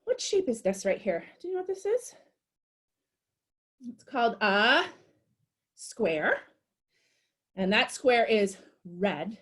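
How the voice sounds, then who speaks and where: A woman's voice: on the high side, very animated, takes it slowly, long pauses, fairly bright tone. A young woman leading a storytime for toddlers, talking in a sing-song, encouraging way as she does rhymes and shapes with little ones. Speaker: children's librarian.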